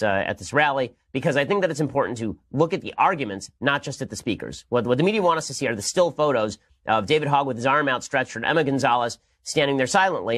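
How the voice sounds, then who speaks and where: A man in his thirties rattles through a podcast monologue at a rapid clip. His pitch sits in an ordinary middle range, and his tone is sarcastic and argumentative. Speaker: political commentator and podcast host. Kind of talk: fast opinionated monologue.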